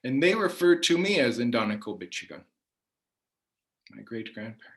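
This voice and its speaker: A man giving a measured spoken lecture on the meaning of words, often letting phrases trail off softly at the end. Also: mid-range voice, sing-song, a little hiss or hum. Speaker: language teacher.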